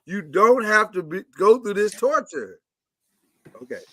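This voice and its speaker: A man's voice: high-pitched, very animated, measured pace, no echo. A man hosting a casual sports talk show, chatty and opinionated as he runs the segments.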